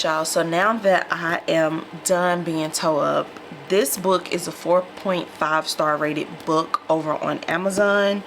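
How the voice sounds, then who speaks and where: A woman's voice: on the low side, noisy background. A woman vlogger chatting casually to her viewers while unboxing a mystery box, calling them y'all. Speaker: lifestyle vlogger.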